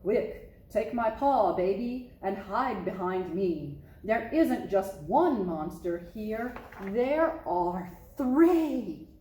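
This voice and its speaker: A woman's voice: mid-range voice, lively intonation, drawn-out words, warm tone. A woman voicing a big, confident father bear who reassures his cub in a bluff way, recorded in an echoey room. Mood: alarmed.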